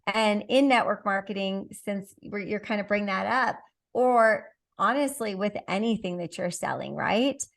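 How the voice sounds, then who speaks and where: Gravelly-voiced woman coaching with energy. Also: mid-range voice, measured pace. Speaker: podcast guest, business coach. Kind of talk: motivational conversation.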